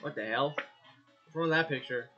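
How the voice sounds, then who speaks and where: A man casually commenting on a dating game, reacting out loud and swearing freely. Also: on the high side, normal speed. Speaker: gameplay commentator. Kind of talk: casual let's-play commentary. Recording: slightly muffled, faint game music behind.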